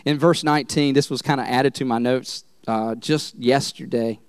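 A male pastor preaching a sermon in church, telling the story in an animated way and laughing often. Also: mid-range voice, normal speed, smooth, no room sound, clean studio sound.

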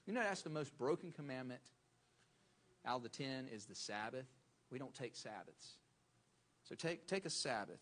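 A man's voice: medium pitch, animated, moderate pace, long pauses, fairly bright tone. A man preaching a sermon as pastor, speaking in a mid-range voice. He is emphatic and repeats phrases to drive points home.

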